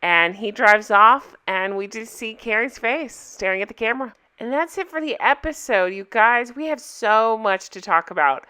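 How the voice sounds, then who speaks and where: A young woman recapping a TV episode in a casual, chatty vlog, enthusiastic and quoting lines in lively voices. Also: fairly high pitch, normal speed, few pauses, smooth.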